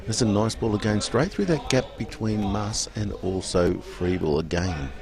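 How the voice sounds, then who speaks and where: A man calling a ball game play by play, rising to excited shouts when a goal goes in. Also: on the low side, normal speed. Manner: rises to excited shouts at goals. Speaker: play-by-play commentator. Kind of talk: live sports commentary.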